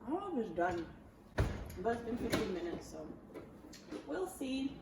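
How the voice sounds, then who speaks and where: A woman's voice: a little high, sing-song, normal speed. Teen girl vlogger, casual rambling chatter, echoey noisy kitchen. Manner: chatty, rambling, self-mocking. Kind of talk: casual baking vlog narration.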